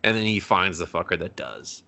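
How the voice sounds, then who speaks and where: A deep-voiced man co-hosting a casual movie review chat, his low tone roughened by gravelly fry yet carrying a bright, forceful edge. He laughs easily and swears as he quotes characters. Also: expressive, moderate pace.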